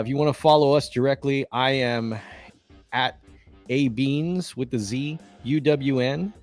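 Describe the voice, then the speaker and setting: A man with a Texas accent co-hosting a casual wrestling chat show, rambling with many fillers and restarts. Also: medium pitch. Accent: Texan. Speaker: co-host.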